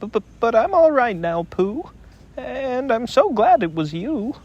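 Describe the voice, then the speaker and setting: A man voicing a tiny, timid young male piglet in a squeaky, high, nervous voice for a storybook reading. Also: very animated, a little slow, darkish tone, highs cut off, exaggerated voice. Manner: nervous and trembling.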